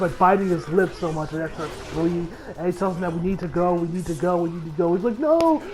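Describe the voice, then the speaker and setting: A man casually recapping an anime episode, excitable and profane, often acting out characters' lines. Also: sits high, slight background noise, poor audio. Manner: excitable, swears freely, acts out characters' lines. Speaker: anime reviewer.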